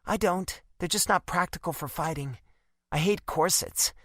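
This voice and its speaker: A man putting on a soft werewolf princess. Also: high voice, moderate pace, no room sound, clean studio sound, voice pushed up. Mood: wry. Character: young female werewolf princess, gentle but fierce.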